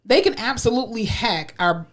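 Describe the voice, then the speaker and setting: A woman's voice: fairly high pitch, lively intonation, moderate pace. A woman co-hosting a podcast, chatting casually in a playful, teasing way, with some swearing. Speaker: podcast co-host. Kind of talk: casual chat.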